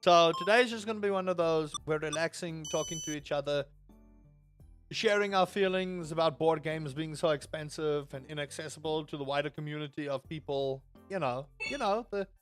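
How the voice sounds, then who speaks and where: High-voiced rambling male streamer. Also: moderate pace, soft background music. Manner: rambling and animated, with self-mocking rants to chat. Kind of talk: casual live-stream chat while playing.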